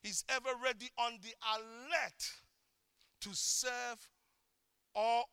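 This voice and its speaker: A middle-aged male preacher delivering an impassioned sermon, swinging between shouted declarations and quiet, intimate asides. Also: very high-pitched, steady tone, slow pace, smooth, dry recording.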